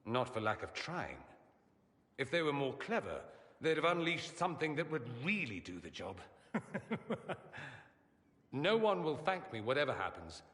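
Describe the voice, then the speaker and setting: A man's voice: medium pitch, sing-song, moderate pace, long pauses, fairly bright tone. Sardonic, witty male mage. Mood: wry. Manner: wry, teasing, theatrical. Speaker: game character. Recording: game audio with long reverb.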